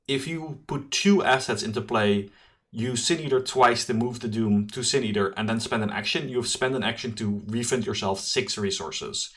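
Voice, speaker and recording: A man hosting a card game preview, talking through new cards in an enthusiastic, chatty commentary with quick asides and self-corrections. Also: lowish voice, a bit bright. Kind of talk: solo card review commentary.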